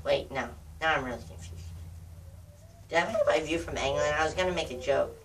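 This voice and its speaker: A woman's voice: sits low, a little fast, slight background noise. A woman from the United States vlogging outdoors in a casual, rambling way, joking and getting sidetracked as she greets her viewers. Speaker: YouTuber addressing viewers. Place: outdoors in the cold. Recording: distant mic with faint outdoor ambience.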